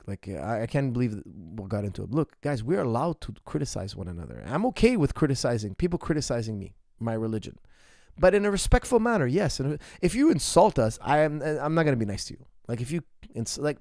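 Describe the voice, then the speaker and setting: A man coaching martial arts fields viewer questions in a loose, emphatic ramble, doubling back on himself mid-sentence. His voice sits at an ordinary middle pitch. The recording is dry and close, with almost no room sound. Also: a little mellow, no room sound. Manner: rambling and emphatic, with frequent restarts and asides. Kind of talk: casual ask-me-anything chat.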